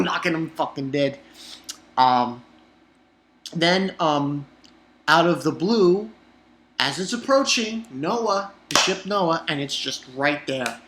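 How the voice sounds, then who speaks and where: A man's voice: fairly high pitch, animated, slow pace, long pauses, background noise. A man casually recapping an anime episode in a loose, rambling way, swearing often and stumbling over his words. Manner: profane, rambling with many restarts and fillers.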